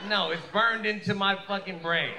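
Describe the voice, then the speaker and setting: A man in his thirties doing a profane, animated stand-up set, acting out voices of people he describes. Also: high voice, moderate pace, creaky. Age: 30s. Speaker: stand-up comedian. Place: comedy stage before a live audience. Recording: roomy live venue with audience noise.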